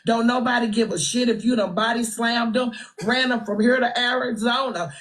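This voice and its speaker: A woman's voice: fairly high pitch, normal speed, fairly bright tone, poor audio. Brash Texan woman trash-talking on a livestream. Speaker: livestream host. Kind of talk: casual live-stream gossip commentary. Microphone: phone livestream.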